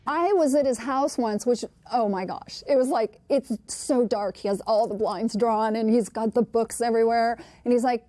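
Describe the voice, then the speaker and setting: A woman recalling her father, lively and acting out his quoted lines. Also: on the high side, a little fast, few pauses, no echo. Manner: lively, acts out quoted dialogue. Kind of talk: documentary interview storytelling.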